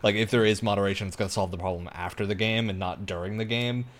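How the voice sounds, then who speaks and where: A man with a fairly low voice co-hosting a relaxed gaming podcast. He explains his views at length, working through each point with fillers and restarts. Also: fast talker. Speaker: podcast co-host, game developer. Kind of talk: casual panel chat.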